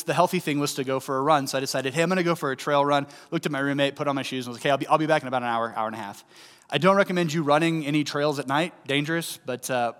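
A young man preaching a personal sermon, telling his story with stammered repeats and swinging from raised intensity to quiet. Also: medium pitch. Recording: hall reverb.

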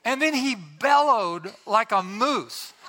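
A middle-aged man preaching, telling a funny church story in an animated way, laughing as he goes. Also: very high-pitched, slow pace. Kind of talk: sermon with a humorous story.

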